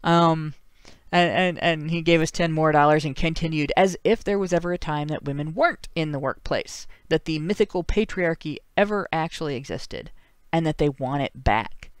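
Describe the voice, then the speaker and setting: A man's voice: a little high, moderate pace, clean tone, no room sound, clean studio sound. A man with a Northern Ohio accent hosting a livestream talk show, reading out viewer donations with sardonic, chuckling asides. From Ohio, USA.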